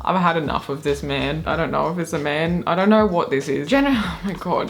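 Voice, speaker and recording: Woman YouTuber, lower voice, playful chatty delivery, light background hiss. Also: fairly quick, few pauses. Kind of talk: casual reading and reacting to posts.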